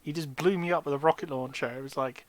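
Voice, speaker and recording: A man's voice: a little high, steady tone, quick pace. A man acting as dungeon master, chatting casually and telling jokey, rambling stories between game turns. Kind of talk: casual chat while running a tabletop game.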